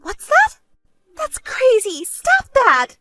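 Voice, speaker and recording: Voicing a vain, self-centered young woman, the bride-to-be's sister, in an animated tale, a woman sounds smug and whiny and grows shrill in anger. Her pace is normal, there's no room sound, and soft music plays underneath.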